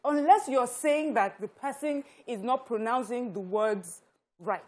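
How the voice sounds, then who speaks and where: Woman, animated panel talk. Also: fairly high pitch, unhurried. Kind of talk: studio panel discussion.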